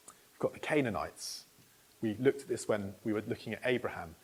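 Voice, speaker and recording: A middle-aged man delivers a sermon in a relaxed, conversational way, stopping to ask the congregation questions. His voice sits a little low and has a husky edge. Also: brisk. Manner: conversational, asks the congregation questions, restarts phrases. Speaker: pastor. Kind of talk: interactive sermon. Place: church hall.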